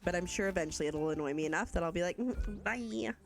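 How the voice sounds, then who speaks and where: A woman's voice: low-pitched, steady tone, racing, faint music behind. A young woman from Canada, chatting casually and rambling as she streams a game and answers chat. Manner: chatty, rambling, reads chat aloud, laughs often.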